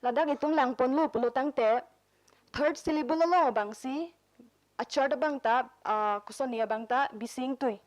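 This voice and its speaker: A woman's voice: high-pitched, moderate pace, rough recording. A woman with a Karbi accent giving an academic presentation at a workshop, explaining step by step and mixing technical English terms into her talk. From Northeast India. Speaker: conference presenter. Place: workshop hall.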